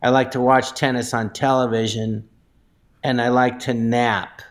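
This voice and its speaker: Guy guest on a comedy show, stammers and restarts, gets loud and fed up, ordinary voice. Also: medium pitch, flat delivery. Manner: halting, stumbles and restarts, flares into shouting. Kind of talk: improvised comedic interview.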